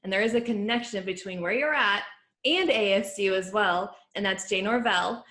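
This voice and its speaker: A woman's voice: medium pitch, normal speed, bright, forceful tone, echoey room. A woman hosting a sports interview, asking friendly, enthusiastic questions. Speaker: sports show host.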